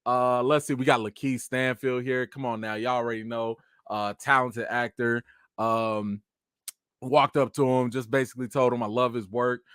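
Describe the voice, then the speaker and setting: A man hosting a casual live chat, telling stories in an animated way and talking to his viewers as "y'all". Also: medium pitch, normal speed, clear, resonant tone, no echo, studio quality. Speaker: channel host.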